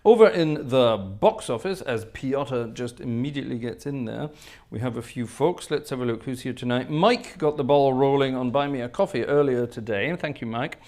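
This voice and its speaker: In a mid-range, slightly mellow voice at a normal speed, the host of a live-streamed organ music show chats casually with his audience. He calls out viewers by name and hums to himself while he reads the chat.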